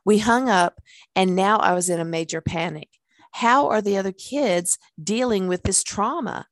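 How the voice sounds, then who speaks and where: A woman's voice: mid-range voice, moderate pace, no room sound. A woman, a life coach, reading her own memoir aloud in an earnest way, with small laughs and fillers in the asides.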